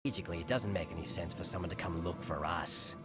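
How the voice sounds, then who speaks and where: An actor playing a blunt, skeptical clone trooper commander in an animated series clip. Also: male voice, low-pitched, fast, close to an everyday voice. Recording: show clip with music underneath.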